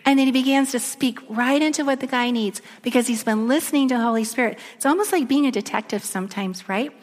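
A woman giving a sermon, telling a story and dropping to a soft near-whisper at emotional moments. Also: a little high, quick pace. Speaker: speaker. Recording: echoey long reverb of a large room.

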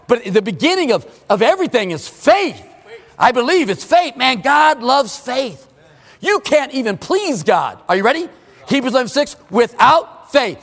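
A male pastor preaching a sermon in a church, emphatic, swinging between loud exclamations and hushed asides. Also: extremely high pitch, creaky, big-room sound. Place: church sanctuary.

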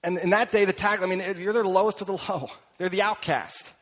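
A man preaches in a church sanctuary, his somewhat high voice carried by a long hall reverb. He talks with animation, acting out the people he quotes and dropping from loud bursts to hushed lines. The delivery is that of a pastor at the pulpit. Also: steady tone, fairly quick. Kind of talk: sermon.

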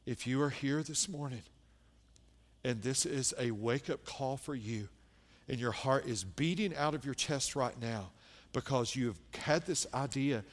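A male pastor preaching a sermon, moving from hushed, low passages to loud, impassioned stretches full of rhetorical questions to the congregation. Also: moderate pace, in a large hall.

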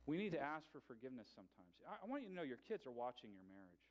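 A male pastor preaching a sermon in a conversational way, with light humor and pauses. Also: medium pitch, very animated, lo-fi sound.

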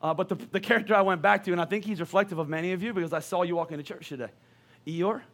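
A male pastor preaching a sermon in a lively, conversational way, full of questions to the congregation. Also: high-pitched, very fast.

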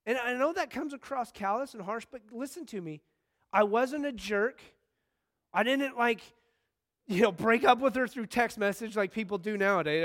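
A man in his thirties delivers a sermon in a high, light voice. He talks to the congregation like a friend, telling stories and breaking into sudden excited bursts. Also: moderate pace. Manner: conversational, animated storytelling with sudden bursts of excitement. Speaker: pastor.

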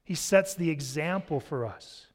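Male pastor, expository sermon, casual delivery, slightly higher pitch. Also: expressive, a little slow. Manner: conversational, expository preaching.

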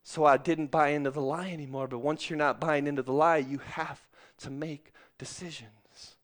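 A middle-aged man preaching a sermon, calling out to the congregation and swinging from loud, excited stretches to soft, hushed ones. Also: fairly high pitch, normal speed. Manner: calls out to the congregation.

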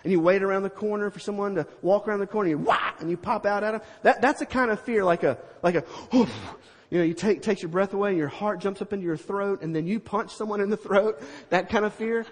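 Middle-aged male preacher, high husky voice, lively storyteller, echoing hall. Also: fairly quick. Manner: animated, acts out scenes with sound effects. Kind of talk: storytelling sermon.

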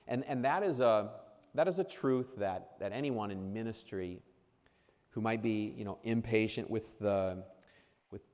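A man's voice: fairly low pitch, darkish tone, long reverb tail. A man preaching an earnest sermon to new ministers, hammering points through repetition, with frequent restarts. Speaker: pastor addressing new ministers.

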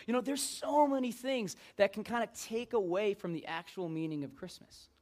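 A man's voice: high-pitched, fairly bright tone. A man preaching an informal sermon in a joking, conversational way.

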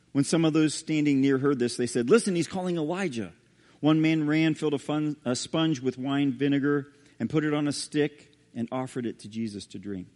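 A male pastor preaching a sermon and reading scripture aloud, dramatic, with sudden hushed low drops on key words. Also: normal speed. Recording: long hall reverb.

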